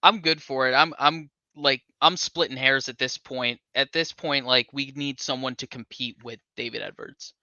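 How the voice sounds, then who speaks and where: A man co-hosts a casual football draft chat in an easygoing, agreeable way. His voice is bright and crisp, and it comes through a dry, somewhat dull remote line. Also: medium pitch, steady tone, moderate pace, few pauses, no echo. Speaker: podcast co-host.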